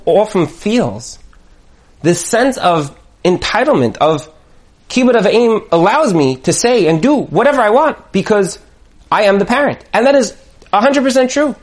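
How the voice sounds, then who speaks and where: High-voiced man giving a lively Torah talk. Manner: animated storyteller, acts out quoted voices. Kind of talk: Torah talk with personal stories.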